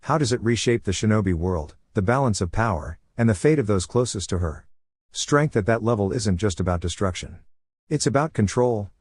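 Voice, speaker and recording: A man with a low voice narrates a fan-fiction story in a smooth, even, scripted reading. The sound is dry and close, with no room echo. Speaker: storyteller channel host.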